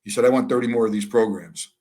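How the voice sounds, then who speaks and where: An older American man at medium pitch talks fast while telling candid stories in an interview. He's animated, playing both sides of the dialogue with a dry sense of humor.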